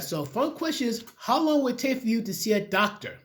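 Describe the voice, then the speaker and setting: A man's voice: very high-pitched, expressive, fairly quick. A man casually reading news articles aloud and breaking off with his own opinionated asides, often stumbling over the words.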